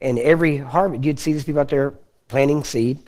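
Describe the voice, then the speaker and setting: A man from Texas preaching a teaching sermon. He talks in a folksy way, keeps checking in with "Amen?" and "You understand?", clears his throat often and slows down to read scripture. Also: mid-range voice, fairly even intonation, a little mellow. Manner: slows down when reading scripture.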